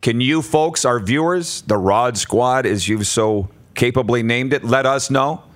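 A man hosting a morning sports radio show, brisk, upbeat and chatty. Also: medium pitch.

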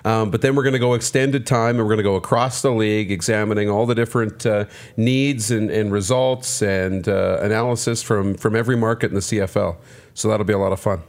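A man's voice: fairly low pitch, steady tone, brisk. A man on a sports radio show, laying out upcoming show plans in an upbeat way. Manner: upbeat, promotional. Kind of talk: casual sports radio chat.

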